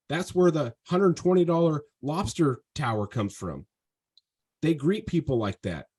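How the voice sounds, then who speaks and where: Energetic man coaching over a video call. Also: a little high, slightly rough. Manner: energetic, emphatic, talks in long persuasive runs. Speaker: sales trainer and podcast host. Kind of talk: one-on-one coaching.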